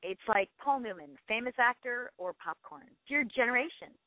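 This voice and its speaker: A middle-aged actress, appearing as an interview guest, chats effusively and casually, often restarting sentences and quickly correcting herself. Her voice is animated and on the high side. The recording is dry, coming through a tinny phone line.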